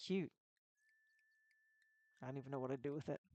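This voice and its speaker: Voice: mid-range voice, normal speed, warm tone, dry recording. A game streamer in casual let's-play commentary, chatty and joking, reading game text aloud with asides.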